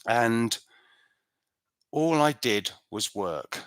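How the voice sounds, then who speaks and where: A man's voice: mid-range voice, animated, drawn-out words, clear, resonant tone, no echo, studio quality. A man from the United Kingdom answering viewer questions in a casual live stream at home, chatty and rambling, often restarting his sentences.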